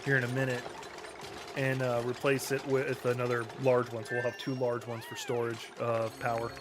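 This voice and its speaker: A man talks loosely to his stream audience while playing a survival game. His voice sits at a middle pitch and stays relaxed and conversational. A steady hiss of noise runs behind him. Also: moderate pace. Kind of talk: casual chat while gaming.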